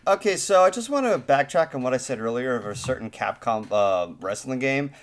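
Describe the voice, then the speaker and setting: A man's voice: mid-range voice, expressive, fairly quick. A man hosting a casual stream chat, making dry jokes.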